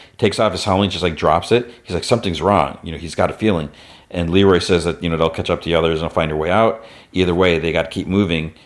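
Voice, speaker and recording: Deep-voiced man retelling a show. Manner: retells scenes, acting out lines in a raised voice; loose, filler-heavy storytelling. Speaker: podcast host. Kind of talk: casual episode recap.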